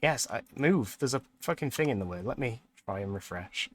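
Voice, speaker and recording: A man's voice: medium pitch, animated, moderate pace. A young man casually chatting and laughing often while commenting on a game he is playing on stream.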